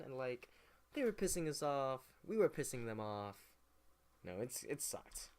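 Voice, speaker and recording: A man giving a rambling, profane, jokey casual recap of history, losing his place now and then. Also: fairly high pitch. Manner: rambling, profane, jokey, slips into mock voices. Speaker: comedic history narrator.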